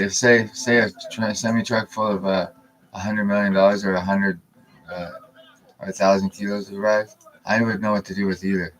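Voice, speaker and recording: A man's voice: lowish voice, little pitch movement, brisk, background noise. A man in his thirties giving a rambling, profane, confrontational monologue on a live stream. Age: 30s.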